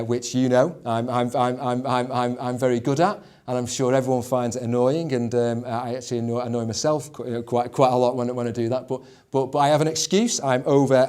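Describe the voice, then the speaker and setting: A man's voice: mid-range voice, flat delivery, a little fast, darkish tone, clean tone. A man leading a discussion on leadership as a schools executive director, often stumbling over repeated words and filling with "you know".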